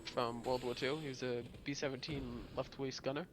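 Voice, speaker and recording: A man's voice: medium pitch, fairly even intonation, moderate pace, noisy background. An American man telling rambling, profane stories in casual chat on a gaming stream. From United States. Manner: rambling storyteller, loose and profane.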